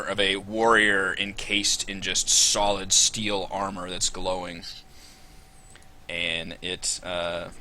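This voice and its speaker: A man runs a tabletop game, slowly describing the scene as he improvises, often pausing on filler words. His voice is lowish and very bright, with a forceful edge and faint background noise. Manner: hesitant, lots of ums and uhs while improvising. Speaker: game master.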